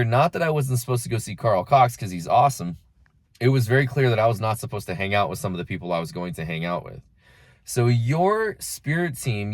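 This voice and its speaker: A young man working as a spiritual coach talks casually to camera in a lowish voice, chatty and full of filler "like"s while acting out his inner voices. The recording is dry.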